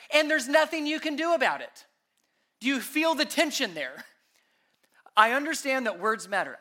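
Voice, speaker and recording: A man preaching a sermon as pastor, emphatic, asking rhetorical questions, his voice rising and dropping sharply in loudness. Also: sits high.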